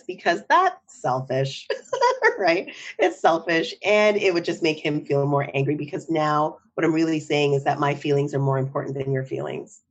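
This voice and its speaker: A woman's voice: deep voice, animated, moderate pace. A middle-aged woman, a psychotherapist, talking in a podcast interview in a reflective way, often checking in with "right?". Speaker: psychotherapist guest.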